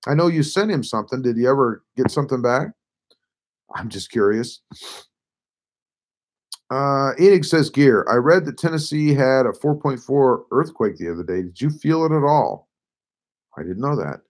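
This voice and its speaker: A man with a hoarse, failing voice hosting a casual live stream, reading out viewer comments and answering them offhandedly. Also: mid-range voice. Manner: reads viewer comments aloud and replies offhandedly. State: hoarse, voice nearly gone.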